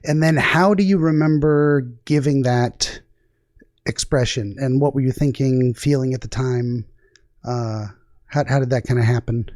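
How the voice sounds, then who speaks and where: A man hosting an interview about a dream, asking calm, careful follow-up questions. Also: mid-range voice, unhurried, dry recording, studio quality.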